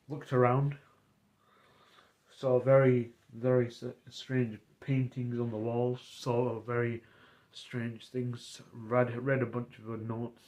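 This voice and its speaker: Casting: rambling male streamer recapping a roleplay, middle pitch, halting delivery. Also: darkish tone. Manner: rambling, halting, many fillers and restarts. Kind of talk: casual storytelling of a roleplay.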